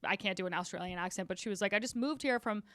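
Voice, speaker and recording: A woman's voice: mid-range voice, very fast, a bit bright, dry recording, clean studio sound. A young woman co-hosting a podcast, telling stories in casual chat, swearing freely and acting out quotes. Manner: chatty storyteller, swears freely, acts out quotes. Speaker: podcast co-host.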